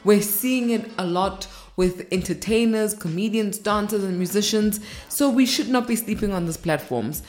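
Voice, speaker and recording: A woman's voice: mid-range voice, moderate pace, darkish tone. A woman in her thirties, from South Africa, hosting a podcast in an upbeat, chatty monologue. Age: 30s. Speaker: podcast host.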